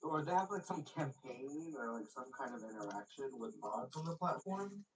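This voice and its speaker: A man's voice: mid-range voice, animated, normal speed, slight background noise. Distant man meandering in a stream chat. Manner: meandering, trails off and forgets his point. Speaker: stream guest. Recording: voice from far off the mic.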